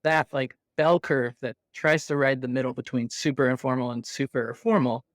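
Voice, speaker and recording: A man being interviewed, explaining his ideas in an animated, conversational way and laughing easily. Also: mid-range voice, moderate pace, no echo. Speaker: interview guest.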